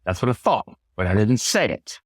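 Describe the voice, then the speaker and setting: A man's voice: on the low side, big pitch swings, moderate pace, dry recording, studio quality. Blunt, plain-talking sales trainer man. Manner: blunt, emphatic, mild cursing; conversational, often asks "right?". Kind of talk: casual storytelling monologue.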